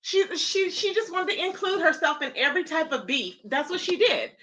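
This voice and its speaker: A sassy woman streamer with a high, bright voice, chatting live and calling out to her viewers by name. She talks with animated, drawn-out emphasis. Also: dull audio. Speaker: livestream host. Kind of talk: casual live-stream commentary.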